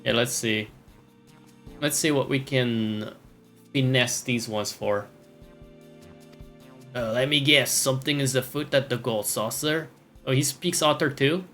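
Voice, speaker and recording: A man's voice: mid-range voice, steady tone, a little slow, pauses often, fairly bright tone, faint music behind. Sardonic, profane man streaming a game. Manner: reads game dialogue aloud. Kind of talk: casual gameplay commentary.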